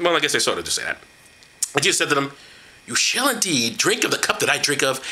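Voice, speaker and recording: Animated, profane man mocking scripture. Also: a little high, quick pace. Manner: gesturing while reading, knocks things over. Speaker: comedic Bible reader. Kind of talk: irreverent comedic commentary.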